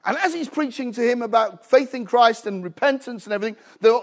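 A middle-aged British visiting preacher delivers a sermon in a noticeably high voice, brisk, lively and animated. He calls out to the congregation for responses and slips in humorous asides.

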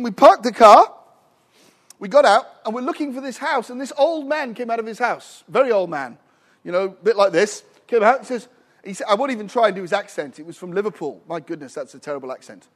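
A middle-aged man preaching a sermon with passion, telling stories and calling out to the congregation for an amen. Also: very high-pitched. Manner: impassioned, rising to shouts with frequent "Amen?" calls.

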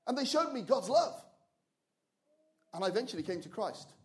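An older man, preaching and telling a personal testimony, his storytelling building to loud, fervent shouting. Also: sits high, sing-song, normal speed. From England. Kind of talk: sermon testimony.

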